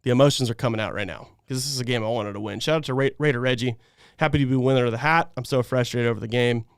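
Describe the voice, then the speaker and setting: A man hosting a fan livestream, ranting in frustration after a loss, swinging between loud outbursts and low muttering. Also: smooth, dry recording, studio quality. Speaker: fan podcast host. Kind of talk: post-game fan rant on a livestream.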